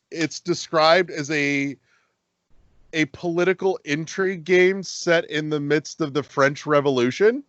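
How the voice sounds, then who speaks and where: A man's voice: on the high side, no room sound, lo-fi sound. Rambling, profane man on a podcast. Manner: rambling, profane, animated when excited. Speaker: podcast co-host. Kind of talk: casual podcast chat.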